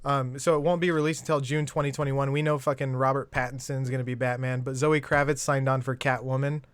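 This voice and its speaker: A man hosting a podcast, talking fast and casually and swearing freely. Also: mid-range voice, flat delivery, smooth, no room sound. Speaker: podcast host. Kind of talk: casual chat.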